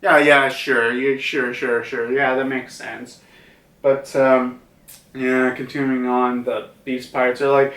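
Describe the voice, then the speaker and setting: A man's voice: mid-range voice, level tone, takes it slowly, fairly bright tone. A man casually reviewing a comic chapter, rambling with many fillers and restarts. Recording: roomy, distant from mic.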